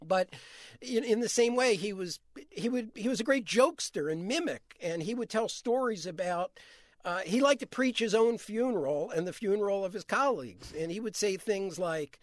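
Man, high voice, earnest storyteller, author being interviewed, dry close sound. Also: expressive, normal speed, no echo. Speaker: author and historian guest. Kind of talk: interview answer.

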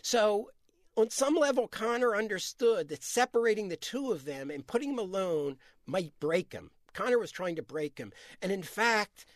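High-voiced man telling history earnestly. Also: lively intonation, moderate pace, no room sound, clean studio sound. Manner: earnest storytelling with restarts. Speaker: author and historian guest. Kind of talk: interview answer.

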